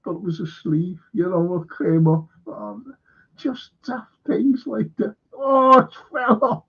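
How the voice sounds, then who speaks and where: Chatty guy, bit high-pitched, gravelly, laughs telling old film scenes. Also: animated, measured pace, highs cut off. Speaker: host. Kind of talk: casual chat.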